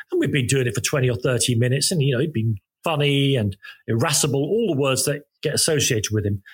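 This podcast guest has a husky, medium-pitched voice. Calling in by video from a room at home, he shares casual music-journalism stories, wandering off track, cutting himself off, and restarting often with plenty of ums.

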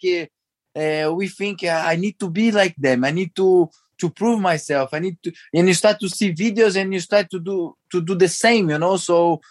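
A Brazilian man with a Brazilian Portuguese accent speaks English as a second language, stopping and restarting often as he answers interview questions. His voice sits fairly high for a man. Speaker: interview guest, former footballer. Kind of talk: casual interview talk.

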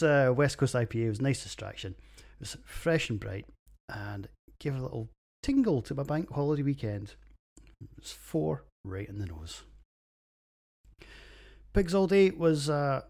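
Giggly man with a gravelly voice. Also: mid-range voice, darkish tone. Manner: crude, jokey, breaks into giggling fits. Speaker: podcast host reviewing beers. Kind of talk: casual solo podcast ramble.

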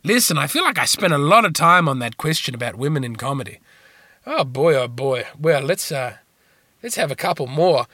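A man hosting a podcast, answering listener questions in a dry, rambling, deadpan comic monologue. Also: on the high side, moderate pace, no echo. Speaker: podcast host.

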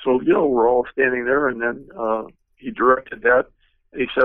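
A man's voice: mid-range voice, steady tone, moderate pace, no room sound, narrow, tinny audio. An older man, a guest car designer, telling long rambling anecdotes with many fillers in an interview. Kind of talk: storytelling interview.

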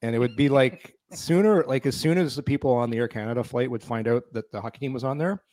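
A middle-aged man swaps locker-room stories on a sports talk show, laughing as he goes and acting out the people in them. His voice sits at an ordinary pitch and sounds close and dry, with almost no room sound. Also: quick pace, no echo. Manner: animated storyteller, laughs often, acts out voices. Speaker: podcast co-host, former hockey player. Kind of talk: casual sports talk, storytelling.

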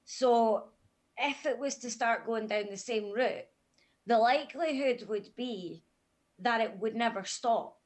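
A woman guest on a podcast, telling a hard personal story in a frank, matter-of-fact way. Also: on the high side.

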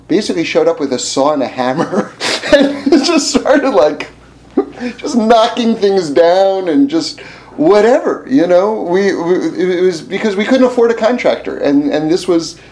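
A man telling a personal story with a lesson in a casual, animated way, full of fillers and restarts, rising high and loud when he makes his point. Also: a little hiss or hum.

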